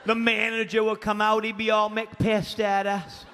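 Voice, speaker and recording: A man's voice: sits high, monotone, unhurried, few pauses, fairly bright tone. A man from Maine with a Maine accent, doing rowdy, profane stand-up comedy, telling stories with acted-out voices. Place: comedy club stage. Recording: live club set with echoing reverb and faint room noise.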